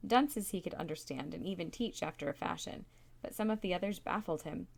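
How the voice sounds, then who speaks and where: A woman reading aloud and voicing a worried older male tutor who speaks quietly and carefully. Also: lowish voice, fairly quick, vocal fry. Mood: rueful.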